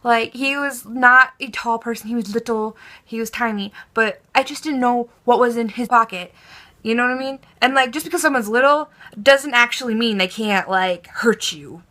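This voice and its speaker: Animated, bright-voiced young woman telling a story. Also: fairly high pitch, normal speed. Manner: animated, swears a lot, acts out her panic. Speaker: vlogger. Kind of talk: casual storytime.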